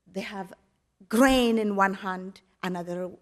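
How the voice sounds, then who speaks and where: Middle-aged Ethiopian-accented woman at a podium, earnest halting testimony, mid-pitched, shifts between hushed and loud. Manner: halting, earnest storytelling in non-native English, swinging between soft and loud. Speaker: guest speaker at an awards ceremony. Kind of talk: personal testimony speech. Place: county board chambers.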